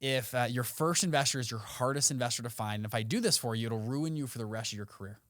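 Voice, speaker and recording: A man in his twenties, a podcast guest telling his story with animated, acted-out quotes. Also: mid-range voice, fast, dry recording, clean studio sound. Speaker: podcast guest, fund founder. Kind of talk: casual storytelling interview.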